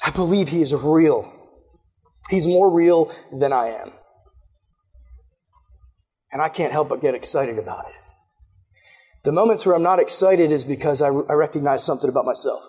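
A young youth pastor preaches a sermon with energy and excitement, acting out quoted voices as he goes. His voice is on the high side and husky.

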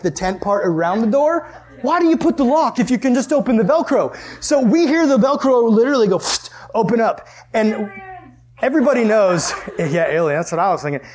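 High-voiced, animated young man. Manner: animated, chatty, laughs often, full of "like". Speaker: youth group leader. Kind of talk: storytelling to a youth group, then Bible study.

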